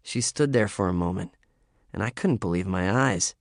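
A man reading a first-person story as an audiobook narrator, in a measured, understated way. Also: low voice, no echo, studio quality.

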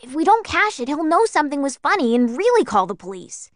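A woman's voice: high-pitched, sing-song, a little fast, no room sound, clean studio sound, pitched above the performer's own voice. A woman reading a glib, cocky teenage boy. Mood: arguing. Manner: teasing, arguing back.

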